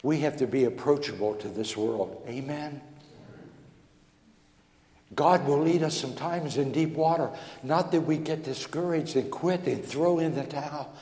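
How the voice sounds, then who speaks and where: A man's voice: fairly high pitch, unhurried. Preacher guy spinning a folksy story, playing all the voices, lots of room echo. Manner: folksy, animated storytelling with acted dialogue. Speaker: pastor. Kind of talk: storytelling sermon. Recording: echoey hall with long reverb.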